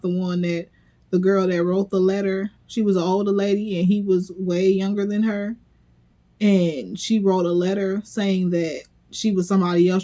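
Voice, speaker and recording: A woman recaps a reality show in a casual, sassy and blunt way. She sounds incredulous and freely drops profanity. Her voice sits at an ordinary middle pitch. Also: mellow. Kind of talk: casual commentary vlog.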